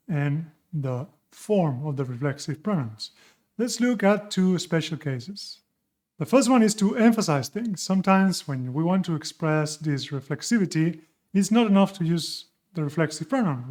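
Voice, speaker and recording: A man's voice: on the high side, a little mellow. A man with a Spanish accent, a native Spanish speaker, explaining grammar in a patient online lesson and correcting his own slips as he goes. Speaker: Spanish teacher.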